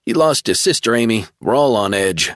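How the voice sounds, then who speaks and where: A man's voice: fairly low pitch, expressive, moderate pace, fairly bright tone, no room sound, clean studio sound. A man voicing a worried, blunt-spoken man in an audiobook.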